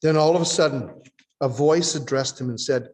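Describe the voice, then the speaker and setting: A man's voice: on the high side, moderate pace, a little mellow, long reverb tail, slight background noise. A man preaching a sermon, teaching in a conversational tone as he reads scripture aloud and acts out voices.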